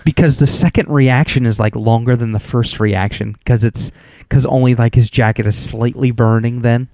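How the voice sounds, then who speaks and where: A man co-hosting a casual movie podcast, talking in an excitable way with lots of fillers and laughter. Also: mid-range voice, moderate pace. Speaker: podcast co-host. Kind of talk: casual movie review chat.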